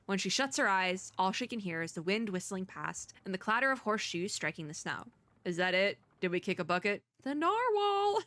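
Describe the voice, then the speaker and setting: Woman VTuber, crisp bright tone, casual story read-through with commentary. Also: mid-range voice, dry recording. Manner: chatty, with quick side comments and laughs. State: voice getting worn. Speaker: VTuber streamer. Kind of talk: reading game story aloud with asides.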